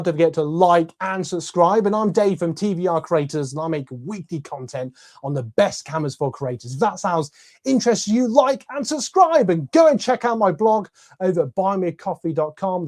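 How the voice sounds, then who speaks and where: Chatty man with a mellow voice. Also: on the high side. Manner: enthusiastic, chatty, many fillers. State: voice tiring from talking. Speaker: camera review YouTuber. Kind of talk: casual product review. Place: bedroom at home.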